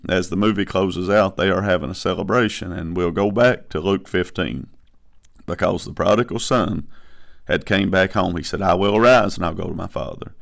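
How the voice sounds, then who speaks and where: Low gravelly guy preaching a sermon, gets worked up and emphatic. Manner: impassioned, rising to emphatic bursts, frequent restarts.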